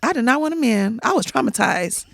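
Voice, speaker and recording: A woman guest on a podcast, telling personal stories in a lively, emphatic way and acting out what others said. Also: fairly high pitch, fairly quick, vocal fry, dry recording. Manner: animated, emphatic storytelling with acted-out quotes. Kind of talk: casual interview storytelling.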